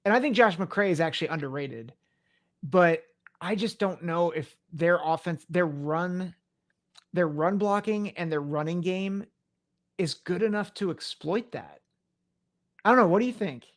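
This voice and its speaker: A man co-hosting a sports podcast, casually running through statistics in a relaxed, low-key way. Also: a little slow. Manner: reads off stats in a low, relaxed way. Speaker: podcast co-host.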